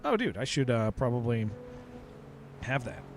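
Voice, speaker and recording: Animated, rambling man streaming a game. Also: medium pitch, measured pace, faint music behind. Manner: rambling, restarts sentences, says dude a lot. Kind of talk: casual livestream chat.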